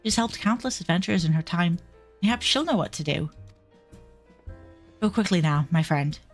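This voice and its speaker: A woman putting on a hunted male reformer with a thick Cockney accent, agitated and quick to curse. The voice sits fairly low for a woman, voiced like a fantasy game character. Faint game music runs underneath. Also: lively intonation. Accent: Cockney, put on. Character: harried male reformer fleeing powerful enemies.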